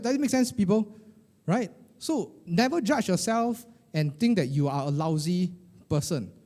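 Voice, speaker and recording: A middle-aged man, coaching a live group of financial advisors in a lively, colloquial way, firing questions at the room. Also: fairly high pitch. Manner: animated, questioning the audience, colloquial with "lah" and "eh". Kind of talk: motivational workshop talk to a live group.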